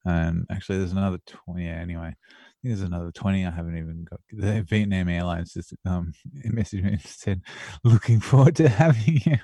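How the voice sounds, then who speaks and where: A man's voice: deep voice, little pitch movement, fairly quick, dark tone, no room sound. Laid-back swearing man. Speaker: podcast co-host. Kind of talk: casual chat. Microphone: video call.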